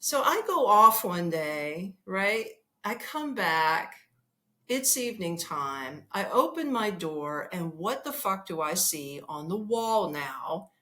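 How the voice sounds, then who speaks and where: A woman hosting a podcast, telling a comic travel story in an animated, profane way and laughing as she goes. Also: mid-range voice, measured pace. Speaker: podcast host.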